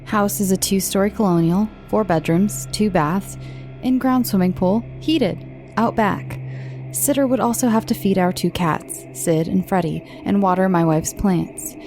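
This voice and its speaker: A woman with an American accent tells creepy stories in a soft, friendly manner, now and then sinking to a whisper. Her voice is mellow and gently gravelly. Faint music plays behind her. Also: mid-range voice, measured pace. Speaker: host and storyteller. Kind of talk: calm horror story narration.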